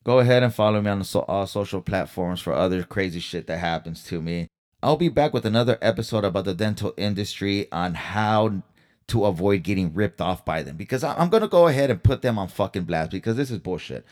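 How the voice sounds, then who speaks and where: The man's voice is on the low side, expressive, a little fast and slightly mellow. Hosting his own podcast, he vents in a heated, profanity-laden solo storytelling rant, peppering listeners with rhetorical questions.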